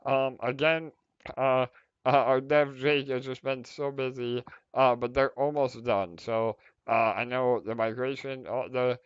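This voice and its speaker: A man's voice: mid-range voice, fairly even intonation, unhurried, clean tone, no echo, muffled recording. Upbeat man hosting a crypto stream. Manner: filler-heavy, upbeat, many restarts. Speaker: crypto project host. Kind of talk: livestream community update.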